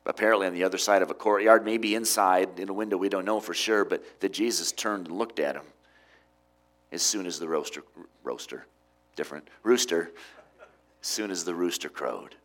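A middle-aged man preaching a sermon, with emphatic rises and quiet drops. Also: low-pitched, fairly quick. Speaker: pastor.

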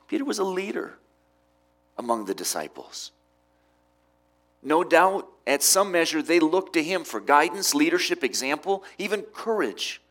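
A middle-aged man preaching a sermon, with emphatic rises and quiet drops. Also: a little high. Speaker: pastor.

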